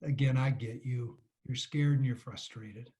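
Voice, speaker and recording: A woman coach hosting a webinar on a video call, calm and validating, with a gently playful touch. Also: rumbling low, unhurried.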